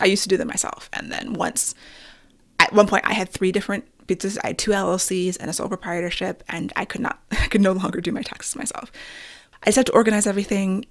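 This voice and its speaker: Chatty woman podcaster with a gravelly edge. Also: mid-range voice. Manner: chatty, candid and self-deprecating. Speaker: podcast host. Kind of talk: casual solo podcast chat.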